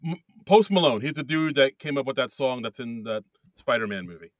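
A man co-hosting a casual podcast, chatty and quick to laugh, with many hesitant fillers. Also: mid-range voice, lively intonation, dry recording. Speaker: podcast co-host. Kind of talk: casual chat.

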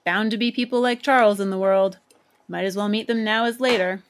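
A calm father with a steady, reassuring way of talking. A woman voices him in a storybook reading, plain and unhurried. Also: mid-range voice, clear, resonant tone, close to an everyday voice.

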